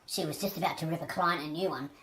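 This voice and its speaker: A woman's voice: deep voice, steady tone, quick pace, fairly bright tone, roomy sound, pitched below the performer's own voice, rough recording. A woman putting on the voice of a sarcastic, sceptical sidekick who mocks and contradicts. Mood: cheeky. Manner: dry, mocking, contrary.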